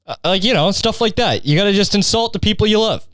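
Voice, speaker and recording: Young male podcast host, slightly high and smooth voice, crude rambling comic delivery. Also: fast, fairly bright tone, dry recording. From Canada. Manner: crude, rambling, insult-heavy. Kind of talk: solo comedy podcast rant.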